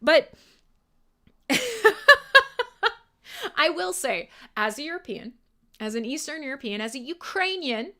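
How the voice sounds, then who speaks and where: A woman's voice: high voice, animated, moderate pace, sharp tone. A young adult woman hosting a live metal radio show, chatting irreverently with listeners, swearing and laughing often.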